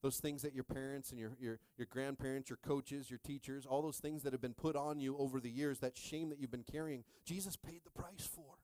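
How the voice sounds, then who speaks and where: A man's voice: on the high side, no room sound. Fired-up male pastor preaching. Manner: energetic, repeatedly asking "are you with me?". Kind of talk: sermon.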